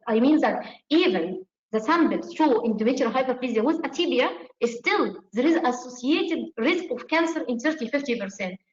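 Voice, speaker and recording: Methodical woman tutor in echoey room. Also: high voice. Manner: methodical, step-by-step instruction, acting out doctor lines. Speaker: medical exam tutor. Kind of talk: exam-prep lecture. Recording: echoey room, dull lo-fi sound.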